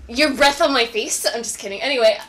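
A woman's voice: fairly high pitch, brisk, poor audio. A young woman co-hosting a casual podcast among friends, telling a story and acting out the voices in it. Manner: animated storyteller who acts out the voices. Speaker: podcast co-host.

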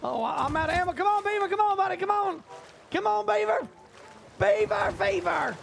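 High, excitable man yelling orders over game music. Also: moderate pace, gravelly. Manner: bossy, excitable, yells orders at crew. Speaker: game streamer and ship captain. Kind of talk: excited casual gaming banter.

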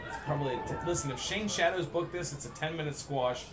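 A man's voice: on the high side, quick pace, reverberant, far from the mic, very noisy. A man co-hosting a casual chat, joking and riffing with mock outrage over a wrestling match. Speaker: podcast co-host.

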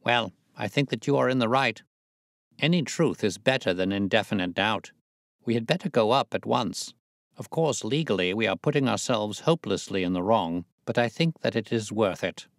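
A calm, measured Victorian detective, voiced by a male audiobook reader speaks in a low, reasoned tone. The recording is dry and close. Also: dry recording. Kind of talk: audiobook reading.

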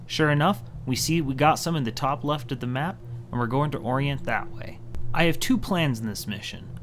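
A man's voice: mid-range voice, normal speed, a little hiss or hum. A man from the United States giving wry, self-mocking commentary over his strategy game playthrough on a studio microphone. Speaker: let's play host. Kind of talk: gameplay commentary. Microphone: new studio microphone.

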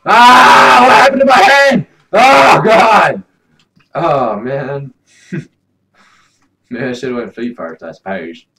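A young man giving loud, swearing let's play commentary, swinging between shouts and mumbles. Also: on the high side, animated, slow pace, long pauses, a little hiss or hum, low-quality recording. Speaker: gaming YouTuber.

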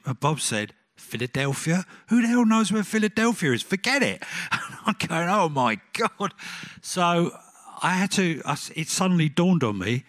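An older man, a concert promoter telling lively anecdotes on a conference stage and acting out the people he quotes. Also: mid-range voice. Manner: animated anecdote-telling, acts out quotes, laughs at own story.

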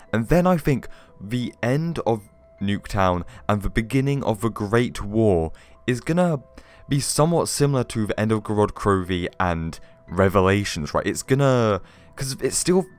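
A young man with a low-set voice rambles excitedly through a gaming theory video, swearing casually as he goes. Illness has left his voice worn and rough. Faint music plays underneath him. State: ill, voice worn.

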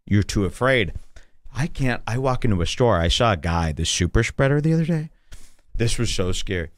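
A man's voice: fairly low pitch, animated, normal speed, no echo. A man hosting a podcast, telling a rambling story in casual chat and swearing freely. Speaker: podcast host.

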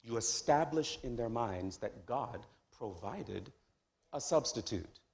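A man preaching a sermon as pastor of a church, dropping to hushed tones and then rising to loud, high exclamations. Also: animated, slow, creaky. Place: church sanctuary.

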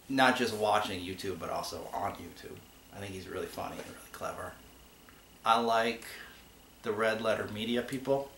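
Low-voiced man rambling in an echoey room. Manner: rambling, chatty storyteller with restarts. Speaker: podcast co-host. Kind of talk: casual chat answering viewer questions. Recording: echoey room with faint hiss.

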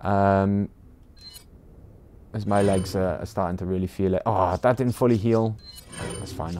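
A man's voice: low voice, a little mellow, slight background noise. A man with a British accent, chatting casually to viewers while livestreaming a game, rambling with lots of ums and uhs. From Britain. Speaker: game streamer.

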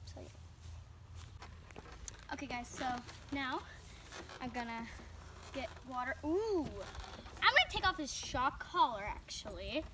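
High-voiced woman chatting slowly outdoors. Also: sing-song, background noise. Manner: chatty, rambling asides to viewers. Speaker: pet vlogger. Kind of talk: casual vlog talk to camera. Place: outdoors washing a dog with a hose.

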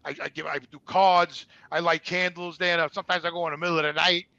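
A man's voice: fairly high pitch, level tone, quick pace, vocal fry, pushed and bright, lo-fi sound. A man telling personal stories in a rambling, candid way, repeating words and swearing freely. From New York. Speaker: guest. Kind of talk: candid conversational storytelling.

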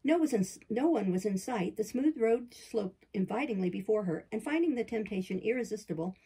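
Husky, gravelly woman reading a novel. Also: a little high, warm tone, poor audio. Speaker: audiobook reader. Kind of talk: scripted narration of a classic novel.

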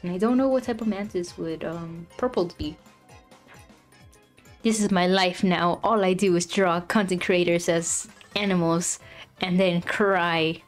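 A woman's voice: on the low side, steady tone, measured pace, faint music behind. A young woman streaming live while drawing, flustered and apologetic, often laughing and exclaiming as she talks to her chat.

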